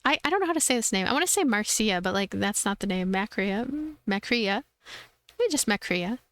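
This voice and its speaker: A woman's voice: mid-range voice, expressive, fairly quick, fairly bright tone, no room sound. A woman hosting a game let's play, chatty and giggly, in casual commentary. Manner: chatty and giggly, many likes.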